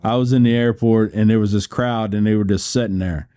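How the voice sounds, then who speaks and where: A man's voice: lowish voice, fairly even intonation, fairly quick, dark tone. An American man in his sixties, a podcast guest who tells his story in a rambling way, laughing often and restarting phrases. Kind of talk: storytelling interview.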